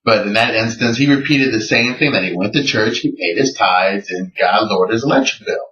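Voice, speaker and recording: In a personal video submission, a man with a lowish, pushed, bright voice tells a story at a moderate pace with few pauses. He sounds earnest and incredulous recounting conversations, and the recording is roomy, distant and dull lo-fi.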